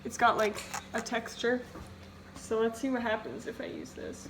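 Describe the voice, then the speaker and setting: A young woman with a fairly high voice speaks at normal speed during a casual cooking vlog in her home kitchen. She's rambling and chatty, often poking fun at herself and saying "like." Steady background noise sits under the home recording.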